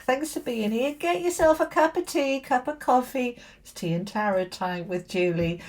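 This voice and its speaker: A woman's voice: medium pitch, darkish tone. A woman giving a chatty tarot reading to camera in a friendly way, often saying "okay" and "all right". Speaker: tarot reader.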